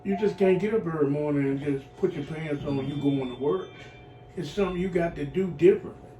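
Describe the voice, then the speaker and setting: A middle-aged man giving heartfelt personal testimony as a client in a recovery program, earthy and animated, acting out voices as he tells his story. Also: on the high side, fast talker. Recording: echoey room, voice from far off, faint noise.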